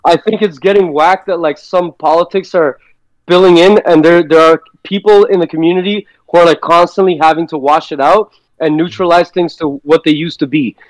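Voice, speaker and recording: A man's voice: a little high, steady tone, a little fast, no room sound, poor audio. A man guesting on a podcast, telling stories in a laid-back, slangy way and swearing freely. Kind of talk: casual storytelling chat.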